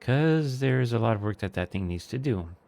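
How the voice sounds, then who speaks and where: A man giving casual gameplay commentary, thinking aloud in a relaxed way with small hesitations. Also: medium pitch, normal speed, vocal fry.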